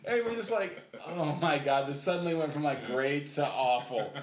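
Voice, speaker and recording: A man's voice: on the high side, big pitch swings, fairly quick, a crowd in the background. A middle-aged man hosting a podcast, telling rambling, laid-back stories full of fillers and laughs. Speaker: podcast host. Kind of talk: casual storytelling chat. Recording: roomy echo, faint noise.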